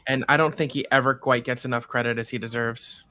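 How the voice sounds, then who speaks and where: Bright-voiced chatty man hosting a watch-along. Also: medium pitch, fairly even intonation, fast, clear, resonant tone. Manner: chatty, enthusiastic. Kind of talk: casual chat.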